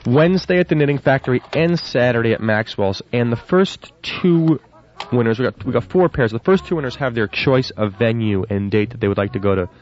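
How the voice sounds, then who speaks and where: A man's voice: medium pitch, fairly quick. Chatty male radio DJ, lo-fi. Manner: loose, chatty, stumbles over words. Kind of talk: casual radio banter. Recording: slightly lo-fi radio audio.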